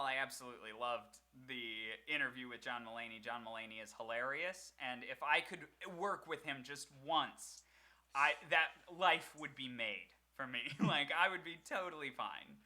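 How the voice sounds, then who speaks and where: A young man in his twenties co-hosting a self-produced podcast, rambling and animated, quick to laugh. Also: mid-range voice. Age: 20s. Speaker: podcast co-host. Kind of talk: casual chat. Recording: home setup, self-produced stream.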